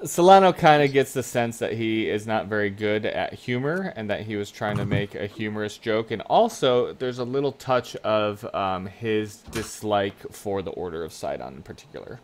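A man narrating as game master, measured and hesitant, with frequent fillers. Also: lowish voice, animated.

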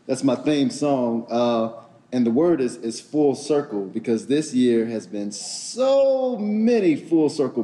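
A man playwright on a panel, speaking in a heartfelt, halting way with many restarts. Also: medium pitch, mellow. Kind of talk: panel discussion.

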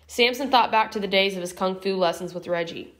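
A woman's voice: mid-range voice, brisk, noisy background. Woman narrating an audiobook. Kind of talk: scripted narration.

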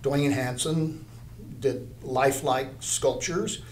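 A man's voice: mid-range voice, fairly even intonation, takes it slowly, slight background noise. An older man, an art teacher, telling a story in an interview, rambling, with many restarts.

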